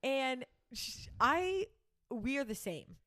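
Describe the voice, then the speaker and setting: A young woman co-hosts a podcast in casual chat, telling a story as an animated storyteller who laughs often and acts out quotes. Her voice sits high and she speaks at a slow pace.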